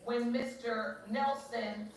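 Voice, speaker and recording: A woman's voice: on the high side, fairly even intonation, slow pace, slight background noise. A woman playing a judge on a courtroom show who questions people in a pointed, probing way. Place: courtroom set. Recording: echoey room, distant mic.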